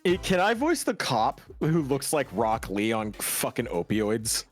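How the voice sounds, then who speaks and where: A man's voice: medium pitch, big pitch swings, soft background music. A man streaming a game with a friend, joking and swearing as he voices the characters. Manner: swearing, joking, quick-witted. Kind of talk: casual let's-play chat.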